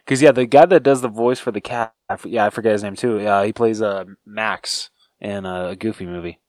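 A man with a somewhat low voice talks casually in podcast banter. He often hesitates and restarts, dropping fillers along the way. The recording is dry and close-miked. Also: fairly quick, a little mellow, no room sound. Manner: chatty, hesitant, says um and dude a lot. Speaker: podcast co-host. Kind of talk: casual movie chat.

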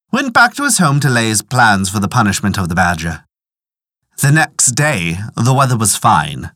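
A man narrating a folk tale in a measured, expressive storytelling manner. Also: mid-range voice, dry recording, clean studio sound.

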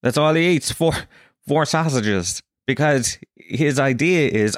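An Irish man with a Kerry lilt tells a rambling comic story, cursing freely and leaping up in pitch on the punchlines. His voice sits at a middling pitch, and the sound is dry and close, with no room echo. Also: slow pace. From Ireland, Tralee. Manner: swears a lot, animated rants with bursts of high pitch. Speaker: comedian. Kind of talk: stand-up style comic monologue.

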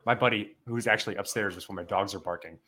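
A man's voice: lowish voice, steady tone, fast, bright, forceful tone, slightly rough. A man co-hosting a casual podcast, talking in a playful, rambling way. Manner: playful, rambling, restarts sentences. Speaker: podcast co-host. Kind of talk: casual roundtable chat.

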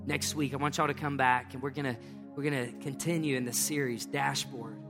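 A man's voice: medium pitch, steady tone, brisk. A middle-aged man preaching a conversational sermon as pastor, emphatic and folksy, repeating his phrases. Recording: reverberant hall with faint music.

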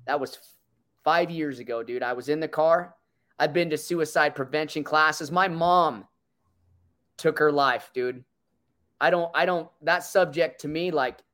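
A man's voice: a little high, normal speed, a bit bright. A man in his thirties telling an emotional personal story in a casual, earnest way, peppering his talk with "dude" and "bro". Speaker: co-host.

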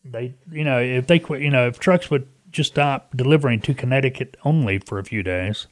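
A man hosts a podcast and comments on the news in a casual, folksy way. His chatty delivery keeps to an average man's pitch. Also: a little fast. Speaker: podcast host.

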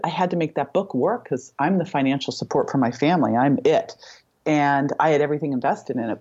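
Low husky middle-aged woman storyteller. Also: a little mellow, dull audio. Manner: vivid storyteller who acts out quoted dialogue. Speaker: podcast guest. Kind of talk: emotional personal storytelling in an interview.

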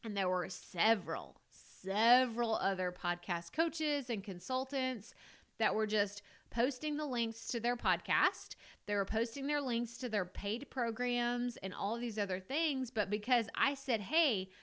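Chatty woman podcast host, smooth voice. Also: fairly high pitch, unhurried, fairly bright tone. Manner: heartfelt, chatty, many fillers, emotional. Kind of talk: casual solo podcast talk.

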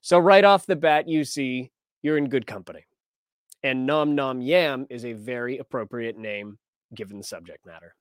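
Dry-sounding podcast host, wry and chatty. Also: male voice, mid-range voice, moderate pace, clean tone, no echo. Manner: conversational, wry, reads quotes aloud. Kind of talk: casual news commentary.

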